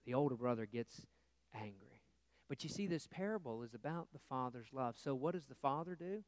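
A man preaching a sermon as pastor, earnest, rising to emphatic peaks and dropping to hushed asides. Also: medium pitch, lively intonation, a little fast, dry recording.

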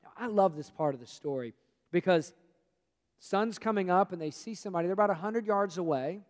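A man preaching a sermon, telling a story with animated acted-out dialogue and self-deprecating humor. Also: high-pitched, a little fast. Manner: animated storytelling, acts out the disciples' lines. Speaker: pastor. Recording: long hall reverb.

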